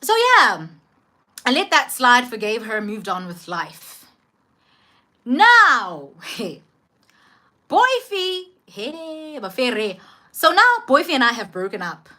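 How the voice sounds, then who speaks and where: A woman's voice: on the high side, wildly swooping pitch, takes it slowly, pauses often, bright, forceful tone. A young woman with a South African accent, chatting through a personal story on a live stream, slangy and greeting viewers as she goes. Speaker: vlogger telling a personal story.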